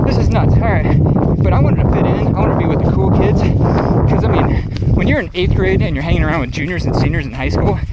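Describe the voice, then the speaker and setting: A middle-aged man tells a long, animated story as he moves along a wooded trail, slipping into his friends' voices now and then. His voice sits a little high for a man. Clear outdoor noise runs under the recording. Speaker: trail runner vlogger. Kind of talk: casual storytelling while running.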